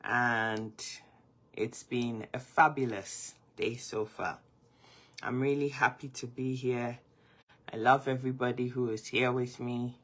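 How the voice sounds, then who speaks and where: A woman's voice: a bass voice, steady tone, slow pace. A woman with a groggy morning voice, hosting a casual live-stream chat as a life coach and greeting her viewers affectionately.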